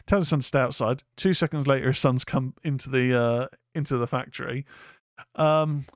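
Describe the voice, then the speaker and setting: A man's voice: medium pitch, fairly even intonation, normal speed, no room sound, studio quality. A man from England hosting a casual film review show, rambling, swearing freely and reading out chat comments. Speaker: horror podcast host.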